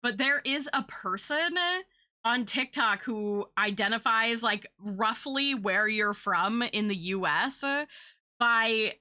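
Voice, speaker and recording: Bright, slow-talking young woman streamer. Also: on the high side. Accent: Southern US with British touches. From United States. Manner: chatty, rambling, full of filler words and laughs. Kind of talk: casual chat while drawing.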